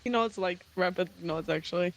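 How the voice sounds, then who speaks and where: A man's voice: high voice, normal speed, low-quality recording. A man playing in a tabletop game who talks in a hesitant, stammering way. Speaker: player. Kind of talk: casual tabletop play.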